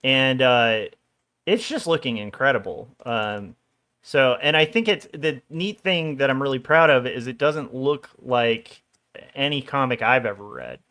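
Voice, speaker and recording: A man's voice: mid-range voice, animated, a little slow, sharp tone. Rambling, jokey man streaming his art. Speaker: illustrator streaming his drawing work. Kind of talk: casual livestream chat while drawing.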